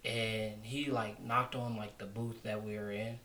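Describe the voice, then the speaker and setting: A man co-hosting a podcast, chatting casually and telling a work story in a rambling, relaxed way. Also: on the low side, measured pace, a little hiss or hum. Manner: relaxed, rambling, laughs often. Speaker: podcast co-host.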